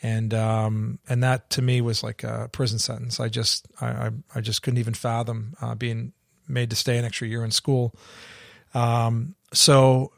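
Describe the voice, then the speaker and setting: A middle-aged man from Canada, a guest in an interview, telling his story in a halting way with many restarts. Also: medium pitch, flat delivery, gravelly, no echo, clean studio sound.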